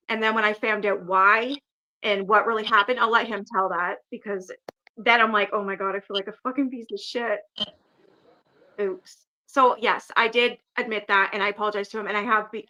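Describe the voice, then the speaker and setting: A woman's voice: medium pitch, little pitch movement, moderate pace, pushed and bright, rough recording. A woman hosting a casual livestream, talking bluntly and profanely and owning up to her mistakes. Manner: blunt, profane, self-critical. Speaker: livestream host.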